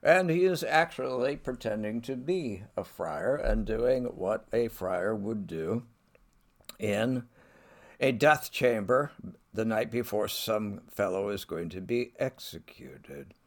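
A man's voice: on the low side, animated, takes it slowly. A man giving a conversational literature lecture, wry in tone and reading quoted lines aloud.

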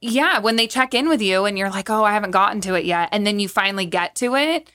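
A woman guest chatting about her work in a relaxed, conversational way. She talks in loose, looping sentences full of fillers and restarts, with an ordinary mid-range voice. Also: medium pitch, fast. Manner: chatty, lots of likes and restarts. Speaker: guest, horse trainer. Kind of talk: casual podcast conversation.

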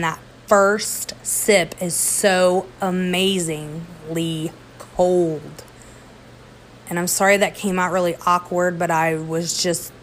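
A woman with a lowish voice hosts a casual podcast, rambling and chatty as she pokes fun at herself. Faint background noise hums under the recording. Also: fairly bright tone. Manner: chatty, rambling, self-deprecating. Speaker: beer podcast host.

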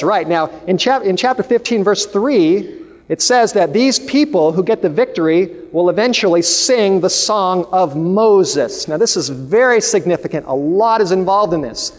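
A man's voice: high-pitched, in a large hall. A man preaching a sermon, telling stories and declaiming with emphasis.

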